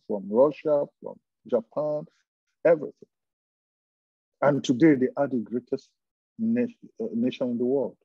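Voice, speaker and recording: Fervent pastor with a husky, mellow voice. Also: male voice, fairly high pitch, no echo, lo-fi sound. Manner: fervent preaching with repetition and emphatic pauses. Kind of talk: sermon.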